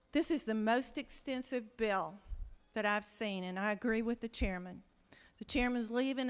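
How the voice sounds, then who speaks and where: A woman's voice: mid-range voice, normal speed, a bit bright, smooth. A woman state senator gives an impassioned floor speech, pleading and asking rhetorical questions. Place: large legislative chamber. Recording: long reverb of a large chamber.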